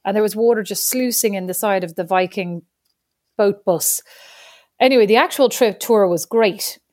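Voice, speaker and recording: A middle-aged woman, a podcast co-host, telling a story in a lively, animated way, acting out other people's voices and swearing now and then. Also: medium pitch, normal speed, no room sound, studio quality. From Ireland. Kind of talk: casual storytelling chat.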